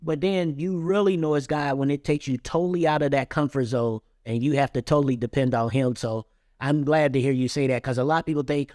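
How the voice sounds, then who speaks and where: A man's voice: mid-range voice, steady tone, a little fast, a little mellow, no echo, clean studio sound. A man hosting an interview, talking about faith in a preacherly way and explaining with analogies. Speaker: host. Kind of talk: casual interview, faith talk.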